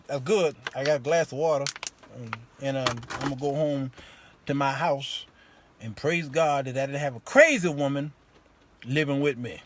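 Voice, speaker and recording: A man with a mid-range voice hosts his own show, speaking at a normal pace over a little hiss or hum. In a casual live-stream, he animatedly tells a story by phone, acting out both sides of a conversation. He starts outdoors in the rain and then moves into a car.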